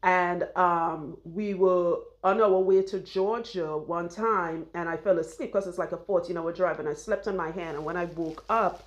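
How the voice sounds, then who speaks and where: Chatty woman. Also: on the low side. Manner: chatty, rambling, laughs often. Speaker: loctician and vlogger. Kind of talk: casual chat while getting her hair done. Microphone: clip-on mic.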